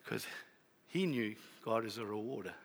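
A man preaching a sermon, telling a story with lively swings from loud to hushed. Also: on the low side, moderate pace. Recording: long hall reverb.

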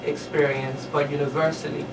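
Actress guest with a very deep voice, earnest, recorded from far off in a roomy noisy studio. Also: female voice, little pitch movement, moderate pace, vocal fry. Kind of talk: interview answers. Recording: roomy distant mic with noise.

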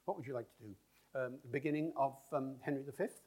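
A man giving a public lecture in a lively, discursive way, with chatty asides. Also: mid-range voice, fast, breathy edge. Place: lecture hall with an audience.

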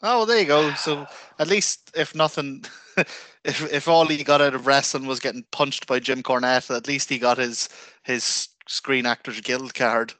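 A man's voice: mid-range voice, moderate pace, no room sound. A man co-hosting a radio chat, joking and poking fun at himself. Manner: jokey, self-mocking, lively reactions. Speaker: radio co-host. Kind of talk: casual chat.

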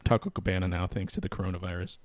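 A man co-hosting a casual podcast, easygoing but fond of making his case in a mock-formal way. His voice sits low. It is recorded dry and up close. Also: fairly even intonation, rapid-fire, dry recording. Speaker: podcast co-host. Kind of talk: casual chat.

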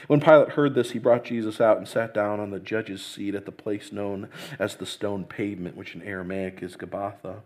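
A man's voice: fairly low pitch, fairly even intonation, normal speed, darkish tone. A male pastor praying and then reading scripture aloud in an earnest, emphatic way. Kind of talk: sermon with prayer and scripture reading.

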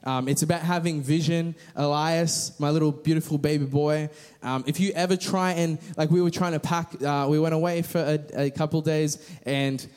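A man's voice: a little high, steady tone, normal speed, darkish tone, clean tone. A man preaching a casual, conversational sermon with frequent restarts and fillers.

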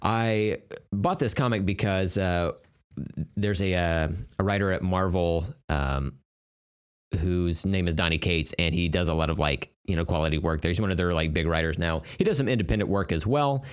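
Very deep-voiced rambling podcast man. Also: normal speed, clean tone. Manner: rambling, loose, swears casually. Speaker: podcast co-host. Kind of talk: casual chat.

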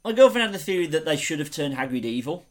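Gushing man, slightly high voice. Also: sing-song, fast. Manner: enthusiastic, gushing. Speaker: podcast co-host. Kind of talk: casual chat.

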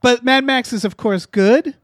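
A man's voice: very high-pitched, unhurried, a bit bright, no room sound, studio quality. A man co-hosting a podcast, chatting casually and profanely, exasperated and rambling as he reviews a film. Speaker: podcast co-host. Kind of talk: casual movie review chat.

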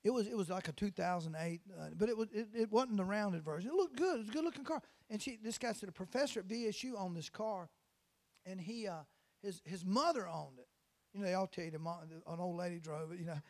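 A man's voice: sits high, quick pace, darkish tone. A man preaching in a small church, telling folksy stories with stammering restarts, then praying fervently. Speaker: guest preacher. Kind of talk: sermon.

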